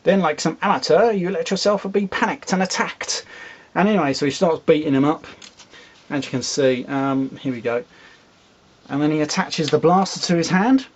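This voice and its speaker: A man's voice: fairly high pitch, highs cut off. A man casually reviewing comics, rambling, with fillers and asides.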